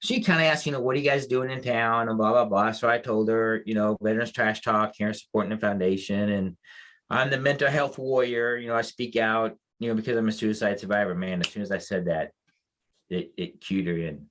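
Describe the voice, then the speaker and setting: A man's voice: on the low side, fairly even intonation, brisk, fairly bright tone. A man on a veterans' podcast telling a story in a casual, rambling way, full of restarts and moved by emotion. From United States. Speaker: podcast co-host, mental health advocate.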